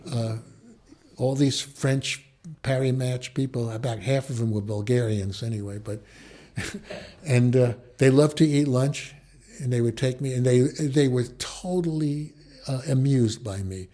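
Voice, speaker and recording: A man's voice: medium pitch, unhurried. Older New man spinning anecdotes. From the Bronx, New York. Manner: animated storyteller who acts out quoted dialogue. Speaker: interviewee, photojournalist. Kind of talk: anecdotal storytelling in conversation.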